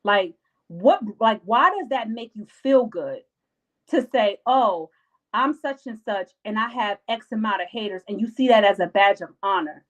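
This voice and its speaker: A woman's voice: mid-range voice, expressive, normal speed, lo-fi sound. A young adult woman hosting a live stream, giving casual life advice in an emphatic, slangy, repetitive way and acting out her friends' lines.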